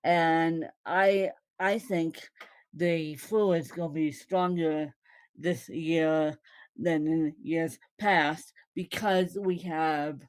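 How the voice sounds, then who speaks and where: A woman's voice: low voice, fairly even intonation, extremely slow. A woman content creator chatting casually to her fans, often repeating herself and laughing. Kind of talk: casual vlog talk to fans.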